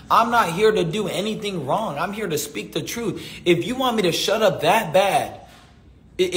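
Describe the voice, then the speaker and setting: A man's voice: fairly high pitch, fairly bright tone, reverberant, a little hiss or hum. A young man in his twenties answering questions in a rambling, earnest and emotional way. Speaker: interviewee. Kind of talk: casual press talk.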